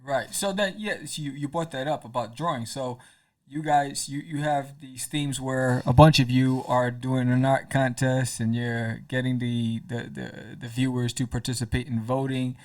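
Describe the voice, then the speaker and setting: A man's voice: medium pitch, moderate pace. A man hosting a casual podcast interview, asking questions and laughing along. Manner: lively, laughs often, short backchannels. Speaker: podcast host.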